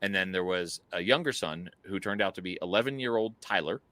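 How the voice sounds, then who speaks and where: Low-voiced man telling a story. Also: fairly quick, dry recording. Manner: animated storyteller, frequent fillers and laughs. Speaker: podcast co-host. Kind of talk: casual storytelling chat.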